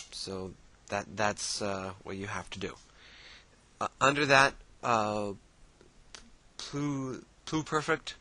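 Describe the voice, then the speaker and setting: A man explaining things in a casual, relaxed screen-share tutorial, using many fillers and restarts. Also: on the low side, low-quality recording. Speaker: language teacher.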